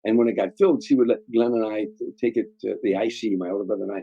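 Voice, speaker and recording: Heard through a muffled recording, an older guest comedian from the Chicago area, USA, talks fast in a fairly low, steady, gravelly voice. During the interview, he tells rambling, heartfelt stories and keeps repeating words.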